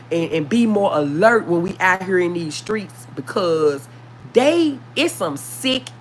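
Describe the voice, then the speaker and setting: A woman's voice: medium pitch, a little hiss or hum. A woman with a Memphis Southern accent, chatting casually with her livestream viewers and often calling them y'all. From Memphis, Tennessee. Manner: earnest, warning tone. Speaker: livestream host.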